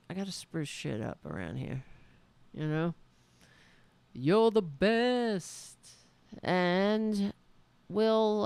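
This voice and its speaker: Female streamer-host, low and gravelly, slow, unhurried delivery with big pitch swings; rambling, effusive, swears casually; dry close sound. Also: darkish tone, no room sound. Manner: rambling, effusive thanks to viewers; swearing, self-interrupting. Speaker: political talk show host. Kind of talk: casual livestream chat.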